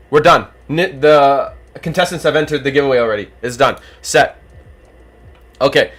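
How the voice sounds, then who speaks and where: A livestream host who is losing his voice, calling a giveaway race with animated, rapid play-by-play. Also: mid-range voice, breathy edge. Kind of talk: excited duck-race commentary on a livestream.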